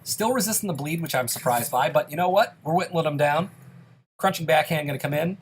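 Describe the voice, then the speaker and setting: A man's voice: on the high side, fairly quick, a little hiss or hum. Upbeat man narrating his gameplay. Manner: upbeat, chatty, explains his choices. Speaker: let's play host. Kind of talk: casual gameplay commentary.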